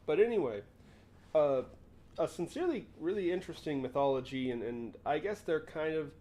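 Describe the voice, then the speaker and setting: A young man hosting a casual livestream, his voice on the higher side and swinging widely in pitch. He rambles along, interrupting himself and riffing as he goes. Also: darkish tone. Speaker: livestream host.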